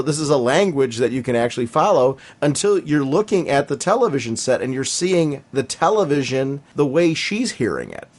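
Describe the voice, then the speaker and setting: A man co-hosting a comics podcast, talking in a casual, enthusiastic and rambling way. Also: medium pitch. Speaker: podcast co-host.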